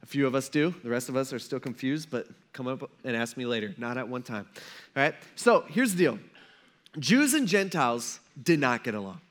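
A man's voice: mid-range voice, animated, fairly quick, fairly bright tone. A young man preaching a sermon in a casual, joking way, acting out the people he talks about. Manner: casual, joking preacher who acts out quotes. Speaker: pastor.

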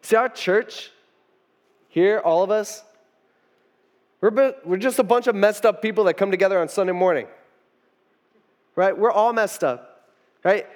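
A man's voice: sits high, unhurried, pauses often. A young man preaching as a pastor, retelling a story in a loose, conversational way with fillers and restarts. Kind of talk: conversational sermon.

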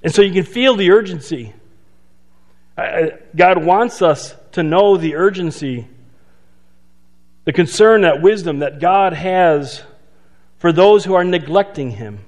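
A man preaching a sermon in a conversational way, asking rhetorical questions and slowing down for emphasis. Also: high-pitched, expressive. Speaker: pastor. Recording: long hall reverb.

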